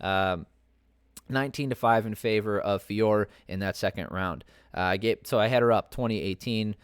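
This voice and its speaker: Low-voiced man breaking down fights. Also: moderate pace, smooth, no room sound, studio quality. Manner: rambling, profane, animated asides with filler words. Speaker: podcast host. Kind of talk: casual MMA fight breakdown.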